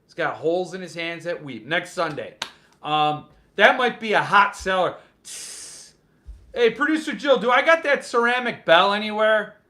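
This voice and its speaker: A man's voice: high-pitched, lively intonation, moderate pace, bright, forceful tone. A man hosting a casual live stream about book collecting, reading viewer comments and joking around in a playful way. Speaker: host of a book collecting show.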